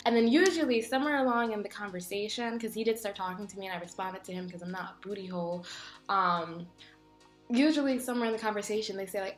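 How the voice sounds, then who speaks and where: A young woman vlogger telling funny stories in a casual, animated way, acting out voices from them. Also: medium pitch, quick pace, echoey room, faint music behind. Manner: animated, jokey, acts out voices in her stories. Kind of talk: casual storytelling vlog.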